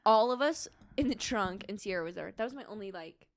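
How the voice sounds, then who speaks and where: A young woman co-hosting a podcast, chatting casually and reacting with quick laughs and exclamations. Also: medium pitch, lively intonation. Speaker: podcast co-host. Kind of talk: casual chat.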